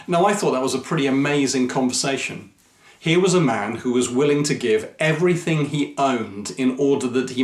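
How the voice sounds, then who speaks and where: A man, a Christian mission speaker, telling a personal story to camera in an earnest, measured, reflective way. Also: mid-range voice. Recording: echoey room.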